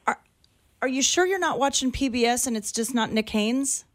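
A woman's voice: sits high, lively intonation, moderate pace. A woman co-hosting a call-in talk radio show, joking playfully with callers. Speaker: radio co-host.

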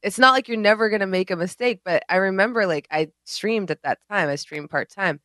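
A woman's voice: mid-range voice, a little fast, a bit bright, no room sound. A woman co-hosting a podcast in casual chat, telling stories animatedly and mimicking the people in them. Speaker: podcast co-host.

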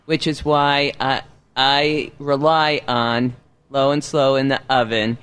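A man co-hosting a casual cooking chat, explaining his habits in a measured, thoughtful way. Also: medium pitch, level tone, a bit bright, clean tone.

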